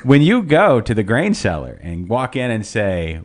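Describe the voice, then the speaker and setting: A man co-hosting a live-stream talk show, loud and jokey, laughing often. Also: mid-range voice, huge pitch swings, unhurried. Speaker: podcast co-host. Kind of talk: casual live-stream chat.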